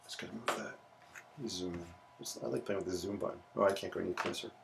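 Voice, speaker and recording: Gravelly-voiced man hosting a live art stream. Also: low voice, brisk, recorded from a distance, noisy background. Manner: relaxed, chatty, playful asides. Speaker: livestream art host. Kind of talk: casual live sketching stream.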